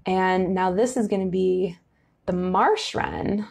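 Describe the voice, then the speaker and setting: A woman's voice: mid-range voice, moderate pace, creaky, a little mellow. A woman education director giving a casual online talk about birds, answering viewer comments with many filler words.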